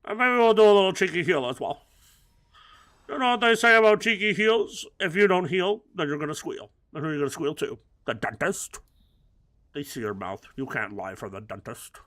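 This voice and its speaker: A man's voice: on the high side, lively intonation, brisk, a bit bright. A man giving comedic gaming commentary, rambling through absurd, crude jokes. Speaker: gaming video host.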